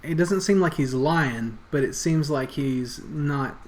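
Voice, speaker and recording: A man narrating a tabletop game as game master, relaxed and halting. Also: fairly high pitch, low-quality recording. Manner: relaxed, halting, many fillers.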